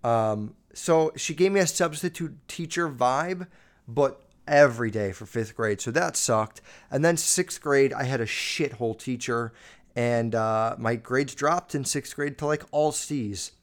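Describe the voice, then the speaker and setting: A man's voice: medium pitch, measured pace. A young man hosting a podcast, telling rambling, crude stories about his school years and swearing constantly. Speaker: podcast host. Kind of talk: casual storytelling monologue.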